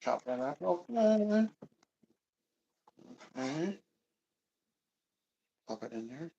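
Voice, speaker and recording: Slow, playful sing-song cooking streamer. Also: medium pitch, sing-song, gravelly, mellow, highs cut off. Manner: playful, sing-song chanting of little words. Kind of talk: casual live-stream chatter while cooking.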